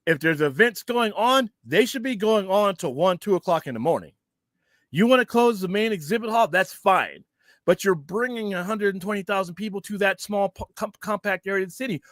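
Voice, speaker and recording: Casting: male host, high voice, heated profane rant, dry close sound. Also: normal speed, no room sound. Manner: heated, profane, animated ranting. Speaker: podcast host. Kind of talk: casual ranting chat.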